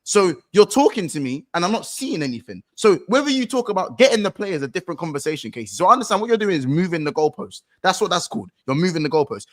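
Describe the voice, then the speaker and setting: A man's voice: high voice, fairly bright tone. A man co-hosting a football chat show, arguing and repeating himself as he talks over others. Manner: argumentative, repeats himself, interrupts. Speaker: football podcast co-host. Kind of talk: heated casual banter.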